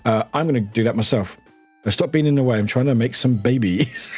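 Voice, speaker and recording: A man's voice: mid-range voice, brisk, a little mellow. A man from the United Kingdom, a streamer, chatting casually with viewers, laughing often, swearing and reading chat aloud. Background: faint background music.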